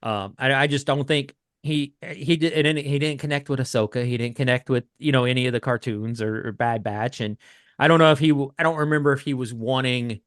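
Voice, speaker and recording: A man co-hosting a collecting podcast, chatting casually in a rambling, halting way with many restarts. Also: medium pitch, fairly even intonation, fairly bright tone, no room sound, studio quality. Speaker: podcast co-host. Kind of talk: casual chat.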